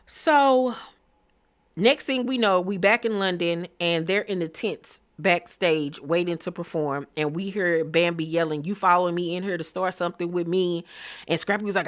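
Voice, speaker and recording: Woman, low-ish voice, sassy casual TV recapper, blunt opinions. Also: expressive, normal speed. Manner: sassy, blunt, quotes cast members mid-story. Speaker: recap vlogger.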